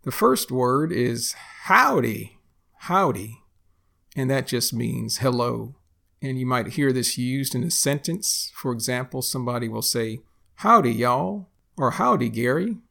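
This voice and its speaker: A man from Texas with a Texan accent, teaching English phrases slowly and deliberately, repeating each example. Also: mid-range voice, fairly even intonation, gravelly. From Texas, United States. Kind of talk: explaining lesson.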